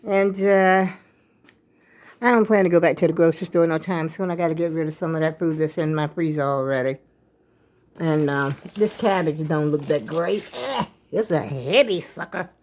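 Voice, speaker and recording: A woman's voice: low voice, moderate pace, darkish tone, slight background noise. An older woman, chatting casually to her viewers in a rambling way, a bit out of breath. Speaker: vlogger. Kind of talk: casual vlog chat.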